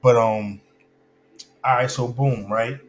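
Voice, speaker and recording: A man's voice: mid-range voice, fairly even intonation, takes it slowly, a little hiss or hum. A man in casual chat, talking loosely and stopping to find where his thought was going. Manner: loose, searching, loses his train of thought.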